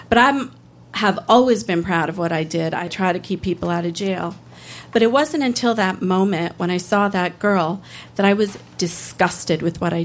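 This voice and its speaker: A woman, a public defender, telling a true personal story on stage in an earnest, candid way with halting restarts. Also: fairly low pitch, a little hiss or hum. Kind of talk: live first-person storytelling.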